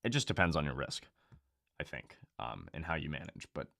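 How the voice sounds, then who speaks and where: A young man hosting a live trading stream, talking casually and bluntly with lots of swearing and repetition, rising in pitch and volume when fired up. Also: very animated, fairly quick, creaky, no room sound, clean studio sound. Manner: blunt, profane, repeats himself, gets louder and higher when fired up. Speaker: livestream trading host.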